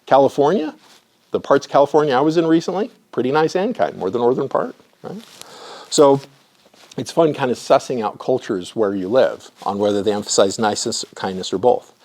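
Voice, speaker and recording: Middle-aged male presenter, average pitch, anecdotal teaching style that keeps checking in with the audience. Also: animated, brisk, a little mellow. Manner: storytelling, often checks in with the audience. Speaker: clinical supervisor and presenter. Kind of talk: conversational lecture with anecdotes.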